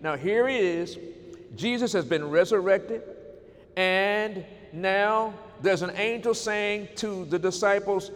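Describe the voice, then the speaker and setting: Male preacher with a high voice and emphatic delivery, heard with a long hall reverb. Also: takes it slowly. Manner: emphatic, addresses the congregation directly, swings between loud and soft. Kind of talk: sermon.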